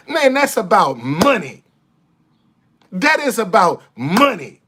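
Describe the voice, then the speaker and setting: A man's voice: sits high, lively intonation, normal speed, a bit bright. A man in an impassioned monologue to camera, blunt and heavily profane, repeating phrases for emphasis and stammering over restarts as he gets fired up. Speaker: vlogger.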